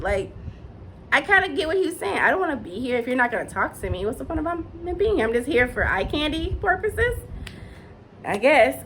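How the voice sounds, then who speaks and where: A young woman casually reviewing a reality show, chatty and gushing, breaking into high squeals when excited. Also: a little hiss or hum, poor audio.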